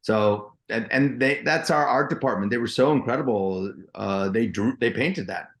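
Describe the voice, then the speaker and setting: Middle-aged actor, rambling and upbeat in casual interview chat. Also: male voice, medium pitch, moderate pace, gravelly. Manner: enthusiastic, rambling with many restarts. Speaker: actor guest.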